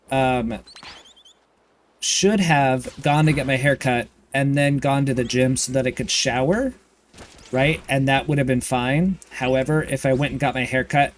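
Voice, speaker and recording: A man chatting casually and campily while streaming a video game, with playful swearing and excited bursts. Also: medium pitch, a little hiss or hum. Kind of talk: casual gaming livestream chat.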